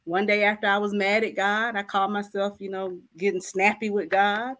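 A woman's voice: mid-range voice, level tone, normal speed, a bit bright. A woman guest co-author, telling her personal testimony candidly and acting out her own prayers.

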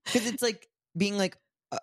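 A woman co-hosting a live podcast, bantering in a teasing, quick-witted way. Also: medium pitch, no room sound, studio quality. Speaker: podcast co-host. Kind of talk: casual live podcast chat.

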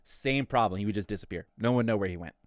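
A man's voice: fairly low pitch, quick pace, no room sound, studio quality. A young man telling a work story in casual chat, swearing freely and acting out what others said. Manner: animated, profane, acts out quotes.

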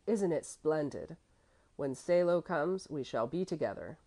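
A woman reading the part of a happy, excited boy who speaks with slow, emphatic delight. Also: sits low, heavily acted.

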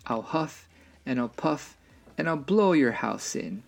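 A man's voice: mid-range voice, animated, takes it slowly, creaky. A man voicing a blustering, hungry big bad wolf in a storybook reading, roaring his threats. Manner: roaring threats, sweet fake voice when disguised.

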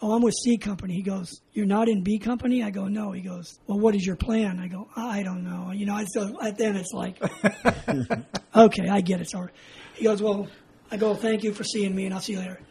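A man's voice: sits high, a little fast, gravelly, low-quality recording. An older man from California, a veteran being interviewed, telling a story with lots of laughs and acted-out dialogue. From California, USA. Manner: animated, acts out dialogue, laughs often. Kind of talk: oral history storytelling.

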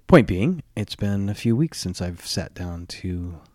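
Low, groggy morning-voiced man hosting. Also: expressive, a little mellow, no room sound, studio quality. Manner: halting, many fillers and restarts. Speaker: podcast host. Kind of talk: solo podcast talk.

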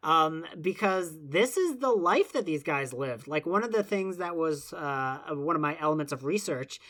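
A man's voice: on the high side, animated, moderate pace, fairly bright tone. A man co-hosting a casual film podcast, talking in long rambling runs with many restarts and fillers. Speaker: podcast co-host.

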